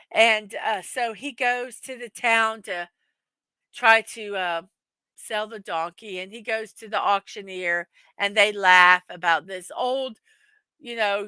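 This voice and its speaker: An older woman hosting a casual livestream, chatting warmly and rambling, greeting viewers by name as they arrive. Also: mid-range voice, takes it slowly, clear, resonant tone, no echo. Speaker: livestream host.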